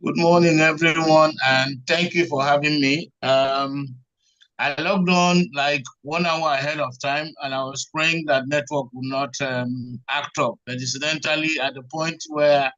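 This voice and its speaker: A man's voice: fairly high pitch, fairly even intonation, measured pace, a bit bright, no room sound, muffled recording. A man moderating an online webinar, upbeat and using many fillers. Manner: upbeat, filler-heavy speech.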